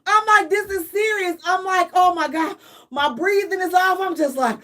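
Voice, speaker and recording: A woman's voice: very high voice, normal speed, pushed and bright. A middle-aged woman, co-hosting a radio talk show and dramatically acting out her own panic as she tells a story. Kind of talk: animated storytelling chat.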